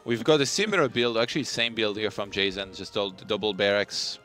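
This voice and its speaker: A young Frenchman with a French accent breaks down an esports match in a lowish voice. He sounds relaxed and analytical and slips in dry jokes, with faint music playing behind him. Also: fairly quick. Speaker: esports co-commentator. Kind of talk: live game analysis, casual banter.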